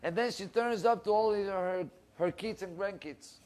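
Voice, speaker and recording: A rabbi telling a story, animated and acting out the people in it. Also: male voice, measured pace, slight background noise. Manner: animated storyteller, acts out quoted voices, rising pitch in emotional lines. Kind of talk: storytelling sermon. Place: synagogue.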